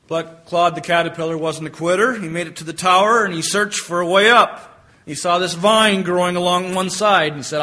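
A man's voice: high voice, steady tone, normal speed, bright, forceful tone. A man preaching a sermon and telling a story, emphatic and stretching out key phrases.

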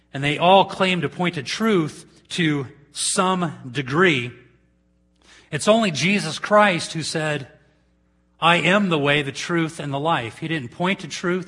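Husky, bright-toned man preaching a sermon. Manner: dramatic swings between loud emphatic peaks and hushed low asides. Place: church.

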